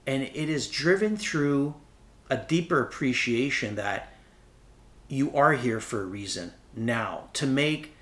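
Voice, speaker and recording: A man with a middle-pitched voice talks like an inspirational speaker, full of passion. He builds his phrases to loud, high-pitched climaxes and hammers his main points home. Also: animated, slow pace. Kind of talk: enthusiastic motivational talk.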